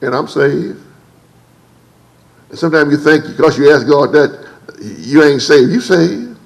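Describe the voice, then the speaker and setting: A man preaching a church sermon. He calls on the congregation to answer back, repeats and stammers over words, and leaps higher when he acts out quotes. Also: expressive, measured pace, gravelly, rough recording. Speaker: pastor. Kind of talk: preached sermon with call-and-response. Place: church service.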